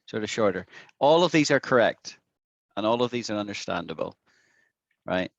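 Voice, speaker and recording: A man's voice: on the low side, animated, normal speed, creaky, long pauses, dry recording, lo-fi sound. A man with an Irish accent teaching an online English lesson over a video call, patiently repeating words to demonstrate them. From Ireland.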